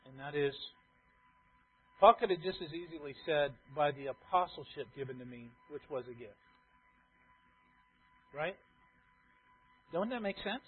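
A pastor preaching a sermon to his congregation, who drops to quiet asides, then builds to loud emphatic repetitions and asks the room questions. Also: fairly high pitch, expressive, a little slow, pauses often, slight background noise. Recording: tinny phone-like sound.

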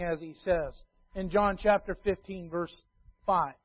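A man preaching a sermon in an emphatic way, repeating key phrases and swinging between loud declarations and hushed asides. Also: sits high, fairly even intonation, unhurried, no room sound. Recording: tinny phone-like sound.

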